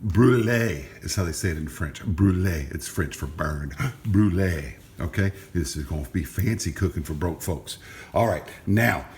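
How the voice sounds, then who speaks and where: A middle-aged man hosts a casual cooking vlog outdoors at a grill, joking and chatting with his kids in a folksy way. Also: lowish voice. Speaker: cooking show host and father.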